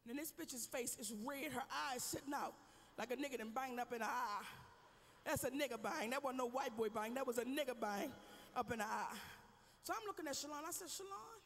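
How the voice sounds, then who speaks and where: A woman stand-up comedian telling a profane story in a brash style with loud outbursts, on a live stage. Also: fairly high pitch, brisk. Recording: reverberant live venue.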